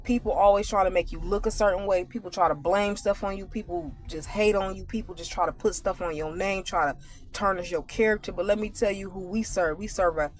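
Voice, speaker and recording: A woman vlogger telling a casual, animated story to her viewers and turning it into a spiritual message. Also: medium pitch, brisk. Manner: animated, conversational, addresses viewers directly.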